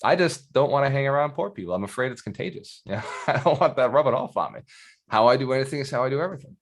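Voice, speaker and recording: A man's voice: mid-range voice, expressive, quick pace. A man who mentors in real estate gives a live coaching talk, speaking directly and energetically and asking his audience questions.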